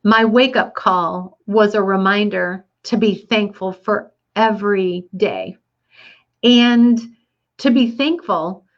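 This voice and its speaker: A woman speaking earnestly and from the heart about a personal experience, a little teary-eyed, with the odd restart and soft laugh. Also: mid-range voice, slow pace, lo-fi sound. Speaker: motivational speaker. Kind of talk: personal reflective monologue.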